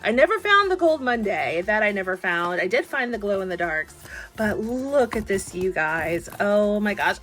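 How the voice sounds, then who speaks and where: A young woman chatting excitedly through a toy unboxing, gushing and giggling often. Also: medium pitch, moderate pace, soft background music.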